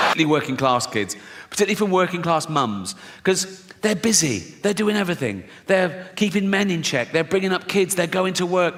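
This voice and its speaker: A man's voice: fairly high pitch, bright, forceful tone, a little hiss or hum. An English man in his sixties doing a stand-up comedy routine, swearing and acting out voices in his stories, with a dry delivery. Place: large theatre stage. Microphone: stage microphone. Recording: live theatre recording with long reverb.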